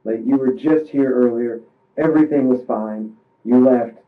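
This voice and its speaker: A distressed man, a suspect being questioned by police, recounts events in a strained, mid-range voice, halting, rambling and restarting often. The recording, made in a police interview room, sounds tinny and distant.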